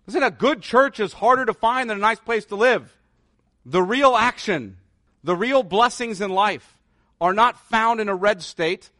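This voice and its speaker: A man's voice: sits high, bright, forceful tone, no room sound, clean studio sound. Earnest male pastor preaching. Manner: earnest preaching, rising to emphatic declarations. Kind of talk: sermon.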